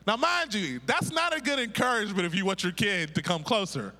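Preaching in a church sanctuary, a middle-aged man from Pittsburgh, USA, who serves as pastor and prophet, talks a little fast in a high voice. He's lively and joking, urging the congregation to repeat words after him, with echoey hall reverb on the recording.

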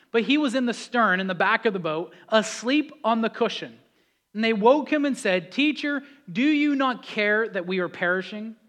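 A man preaching a sermon, talking with the congregation, swinging from loud pleading passages to hushed calm ones. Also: sits high. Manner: builds to loud impassioned pleas, then drops to hushed calm; conversational preaching with audience questions. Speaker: pastor.

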